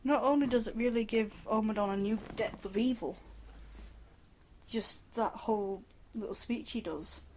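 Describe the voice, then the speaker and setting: A woman with a fairly high voice, chatting on a podcast over a faint hiss. She teases her co-host and picks apart details in a playful, critical way. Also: darkish tone, poor audio. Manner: teasing, critical, quick to laugh. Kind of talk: casual chat.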